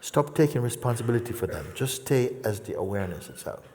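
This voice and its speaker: Low-voiced man teaching in an echoing hall. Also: big pitch swings, quick pace. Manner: gentle, conversational, acts out quoted people. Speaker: spiritual teacher. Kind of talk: satsang talk. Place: large hall. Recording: reverberant hall.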